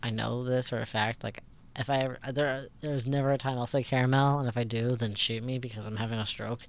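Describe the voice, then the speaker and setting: A man's voice: mid-range voice, little pitch movement, fast talker. Rambling young man. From St. Louis, Missouri. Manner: rambling, swears often, many fillers. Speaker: podcast co-host. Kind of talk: casual chat.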